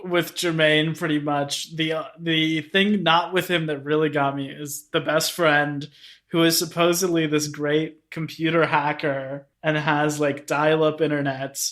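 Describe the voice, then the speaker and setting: A man with a somewhat high voice talks through a film in casual podcast chat. He is relaxed and chatty, and he leans on little fillers as he goes. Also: a little slow. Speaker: podcast host.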